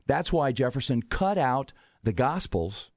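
A man's voice: mid-range voice, very animated, dry recording. Man explaining history in a dry studio. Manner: explanatory, measured, builds points with rhetorical questions. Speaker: historian guest. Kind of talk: radio talk show discussion. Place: radio studio.

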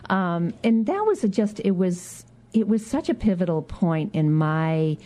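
This is an older woman from Michigan with a Midwestern accent, speaking as a radio guest. Her voice sits low and mellow, and she talks in an easygoing, chatty way, full of fillers and small laughs. The sound comes from a radio studio. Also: animated, unhurried. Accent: Midwestern American. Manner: chatty and warm, laughs often, many fillers and restarts. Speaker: guest, outgoing city council member. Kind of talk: radio interview, reminiscing.

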